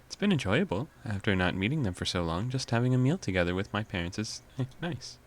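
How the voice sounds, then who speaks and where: A man voicing a refined, soft-spoken young woman in a visual novel, reading her lines gently and politely. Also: lowish voice, sing-song, quick pace, pitched above the performer's own voice. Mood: gentle.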